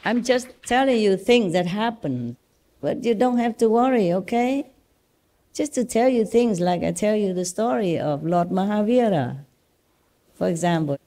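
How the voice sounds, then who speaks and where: A woman spiritual teacher with a Vietnamese accent, telling stories and reassuring her disciples in a casual, animated way. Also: mid-range voice, normal speed, slight background noise. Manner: reassuring, animated storytelling with laughs.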